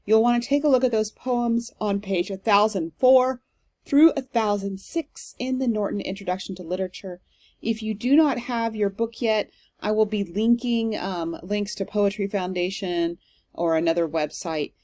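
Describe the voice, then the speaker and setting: A woman's voice: medium pitch, normal speed. Woman giving a recorded lecture. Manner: explanatory, steady, with frequent ums. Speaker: literature instructor.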